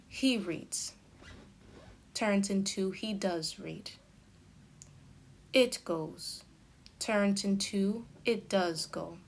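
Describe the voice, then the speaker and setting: Slow, careful woman teaching grammar. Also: medium pitch. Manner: slow, careful, deliberate delivery of example sentences. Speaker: English teacher. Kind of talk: slow explanatory grammar lesson.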